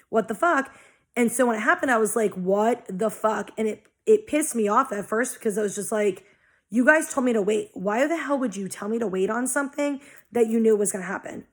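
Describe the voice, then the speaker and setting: A young adult woman talking casually about spiritual growth in a blunt, heavily profane way, acting out her own past reactions. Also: medium pitch. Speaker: spiritual vlogger. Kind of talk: casual monologue.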